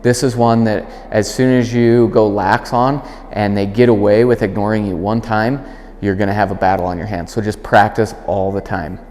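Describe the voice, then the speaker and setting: A man with a lowish voice explains dog training calmly, step by step. He gives his commands firmly and clearly. His voice rings with the long reverb of a big indoor hall. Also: moderate pace, slight background noise. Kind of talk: instructional demonstration.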